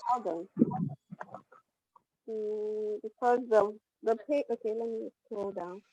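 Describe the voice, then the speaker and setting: A woman's voice: medium pitch, fairly even intonation, takes it slowly, warm tone, no echo, rough recording. A woman teaching an online class over a video call, patiently modeling pronunciation for students to repeat.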